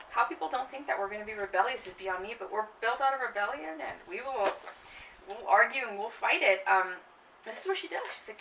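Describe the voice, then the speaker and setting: A woman teacher giving a classroom lecture, lively and emphatic, often checking in with her class. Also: medium pitch, a little fast, background noise. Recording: echoey room, mic far off.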